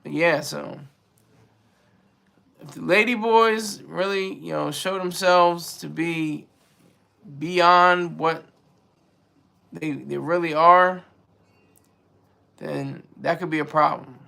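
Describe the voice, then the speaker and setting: Gravelly, bright-voiced male streamer. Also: fairly high pitch, steady tone, slow, long pauses. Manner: rambling, joking, reads chat aloud. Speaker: livestream host. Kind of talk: casual livestream commentary.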